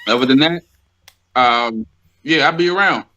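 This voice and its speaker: Relaxed guy chatting on a podcast, bright voice, kinda dull muffled sound. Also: mid-range voice, moderate pace. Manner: laid-back storyteller, laughs a lot. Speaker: guest. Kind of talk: casual podcast chat.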